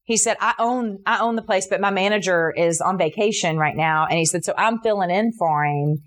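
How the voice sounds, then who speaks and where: A middle-aged woman earnestly telling a personal story in an interview, with fillers and restarts, acting out the voices in what people said. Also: fairly quick. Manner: earnest, animated retelling with many fillers and restarts; voices others in quotes, jumping high for her own reactions.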